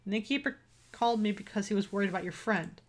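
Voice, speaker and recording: A woman reading a calm male doctor. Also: medium pitch, fast, natural voice.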